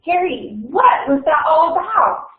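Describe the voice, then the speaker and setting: A woman voicing an anxious, excitable teenage boy who sounds high and urgent, on echoey, tinny call audio. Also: measured pace, recorded from a distance, heavily acted. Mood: alarmed.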